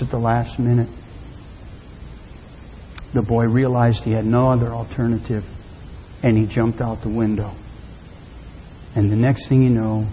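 A man preaching a sermon, telling a story dramatically and swinging from loud to hushed. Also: mid-range voice, a little hiss or hum. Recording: long hall reverb.

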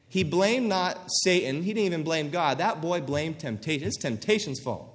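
A man's voice: high-pitched, expressive, normal speed, hardly any pauses, in a large hall. A man preaching a sermon, earnestly reading scripture and acting out quoted voices for emphasis.

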